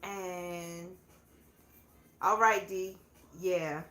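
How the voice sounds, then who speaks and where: A woman's voice: lowish voice, steady tone, drawn-out words, fairly bright tone. Chatty woman in an echoey room. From southern United States. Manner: laid-back, chatty, laughs often. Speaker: livestream host. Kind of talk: casual live chat. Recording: echoey room, faint background noise.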